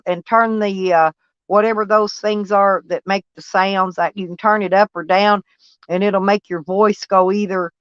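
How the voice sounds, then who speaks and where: A woman's voice: mid-range voice, fairly bright tone, clean tone, no echo. A Southern American woman rambles through a casual livestream, talking straight back to her chat by name. Her voice sits mid-range and comes through dull and lo-fi, with a dry sound close to the mic. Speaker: vlogger reading live chat.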